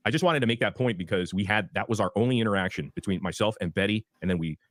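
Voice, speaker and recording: A man telling a story bluntly and profanely in quick, rambling casual talk. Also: fairly low pitch, a bit bright, dry recording.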